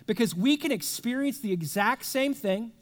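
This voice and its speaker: Male pastor, high-pitched, chatty sermon delivery that slips into mini dialogues, long hall reverb. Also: lively intonation, moderate pace. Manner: conversational, acts out little dialogues.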